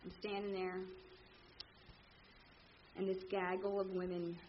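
A woman telling her recovery story to a meeting, candid and animated, acting out the people in it. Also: medium pitch, slow pace, dull audio, slight background noise. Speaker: speaker sharing at a recovery meeting. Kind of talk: personal story told to a meeting.

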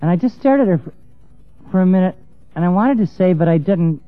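High-voiced man telling an impassioned story. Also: animated, brisk, no room sound. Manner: impassioned, stammering, swings from hushed to raised. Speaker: speaker telling a personal story. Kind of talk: emotional personal storytelling to an audience. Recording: tinny lo-fi dry recording with faint music.

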